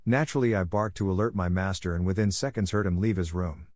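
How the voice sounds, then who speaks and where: A man voicing a timid little male terrier dog with a soft, self-effacing voice. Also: deep voice, quick pace, no echo, clean studio sound, close to an everyday voice. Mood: telling.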